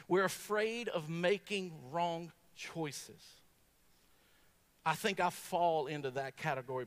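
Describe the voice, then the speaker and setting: A man preaching a sermon in a folksy, humorous, animated storytelling way. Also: a little high.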